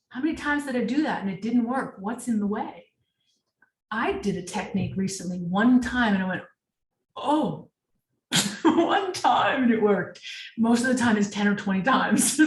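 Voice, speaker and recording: Emphatic woman coach in an echoey room. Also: mid-range voice. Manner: emphatic, rhetorical questions to the audience. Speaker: sales leadership coach. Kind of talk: webinar talk. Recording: echoey room, distant mic.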